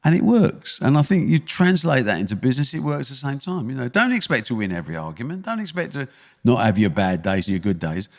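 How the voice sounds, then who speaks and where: Blunt older East London man, lively. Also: medium pitch, fast, in a large hall. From England. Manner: blunt, punchy storytelling. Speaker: guest, sports promoter. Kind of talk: podcast interview.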